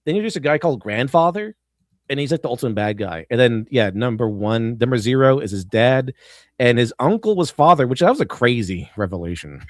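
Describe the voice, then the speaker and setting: A male live-stream host in relaxed, rambling chat, laughing between thoughts. His pitch swings a lot as he talks, and the sound is dry and close. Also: fairly quick, no room sound. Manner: rambling and laughing, reading super chats aloud. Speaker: show host.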